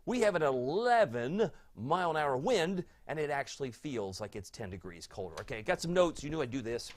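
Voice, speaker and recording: A man's voice: on the high side, very animated, a little fast. A middle-aged man, a TV weatherman, chatting through a live forecast and reading out viewer comments in a sentimental, easily moved way.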